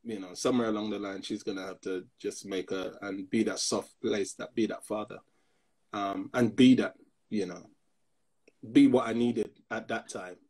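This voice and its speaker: A man's voice: on the low side, normal speed, slightly rough. A man in his fifties, a pastor, telling personal stories in a casual discussion and acting out the other people in them. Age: 50s. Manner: animated storyteller who acts out other people's voices.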